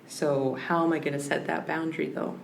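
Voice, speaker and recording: Low, gravelly-voiced woman, thoughtful. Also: fairly even intonation, brisk. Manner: thoughtful, searching, with frequent restarts. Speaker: podcast guest, language scholar. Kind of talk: reflective conversational interview. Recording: roomy with faint background hiss.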